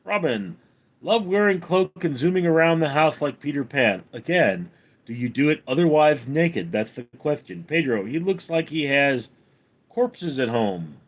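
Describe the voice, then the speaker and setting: A man hosting a livestream at home, reading chat comments aloud and answering them deadpan. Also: on the high side, measured pace. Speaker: livestream host.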